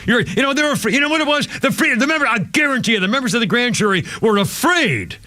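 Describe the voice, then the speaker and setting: High, bright-voiced ranting radio host man. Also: lively intonation, fast talker. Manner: indignant, yelling, repeats words. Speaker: radio talk show host. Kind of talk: angry political rant.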